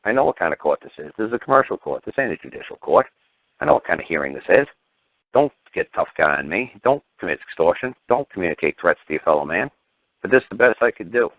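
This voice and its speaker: A man's voice: low voice, sing-song, fast, no echo. A man hosting a talk radio show, speaking bluntly and heatedly with profanity and stammering restarts. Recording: tinny phone-line radio audio.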